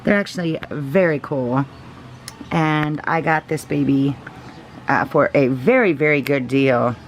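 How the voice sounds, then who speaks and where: A woman chatting casually and gushing softly, laughing often as she shows off her collection. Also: deep voice, a little slow. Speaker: reborn doll collector. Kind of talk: casual show-and-tell vlog.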